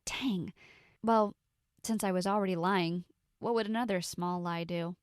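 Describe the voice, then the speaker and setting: A woman in her twenties narrating a first-person story in a confessional tone, with dramatic pauses. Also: fairly low pitch, fairly even intonation, clean tone, dry recording, clean studio sound.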